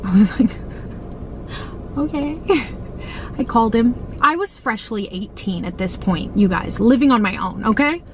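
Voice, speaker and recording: A woman's voice: medium pitch, lively intonation, normal speed, hardly any pauses, slight background noise, rough recording. A young woman in her twenties chatting casually in a parked car, telling a story, swearing freely and acting out the quotes. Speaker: vlogger.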